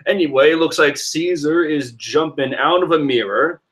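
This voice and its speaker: A man casually reading and reacting to a comic chapter, animated and rambling with restarts. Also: a little high, normal speed.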